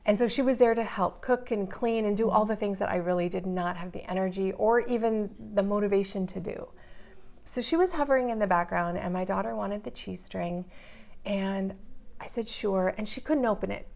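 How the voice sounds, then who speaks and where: A woman's voice: mid-range voice, normal speed, gravelly, darkish tone. A woman in her forties, earnestly telling a personal story in an interview and building intensity as she goes.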